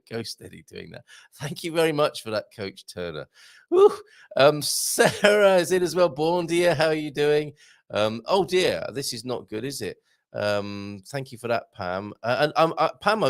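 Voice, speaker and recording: A man hosting a casual livestream, reading out viewer comments in a rambling, self-interrupting way with sudden bursts of excitement. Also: mid-range voice, gravelly. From England.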